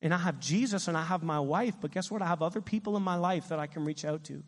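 A middle-aged man preaching a sermon as pastor, animated and asking his congregation questions. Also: on the high side, quick pace, few pauses, long reverb tail.

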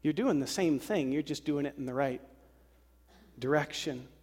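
A man preaching a sermon to a congregation, lively and acting out worried voices. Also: a little high, moderate pace. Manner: animated, acts out worried voices. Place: church sanctuary. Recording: long hall reverb.

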